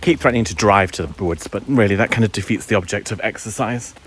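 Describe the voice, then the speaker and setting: A man's voice: fairly low pitch, fast, a little hiss or hum. A middle-aged man from England, chatting and telling stories as he walks his dog outdoors, wry and mimicking voices. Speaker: vlogger. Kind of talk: casual chatty live-stream ranting.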